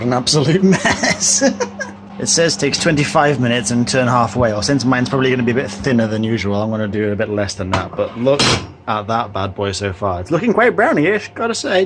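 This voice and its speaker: Young British male vlogger, rambling and chatty, medium-pitched, camera-held home tour. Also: fairly bright tone, slight background noise. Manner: chatty, rambling, exclaims and laughs at himself. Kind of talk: casual vlog tour. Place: a house, indoors.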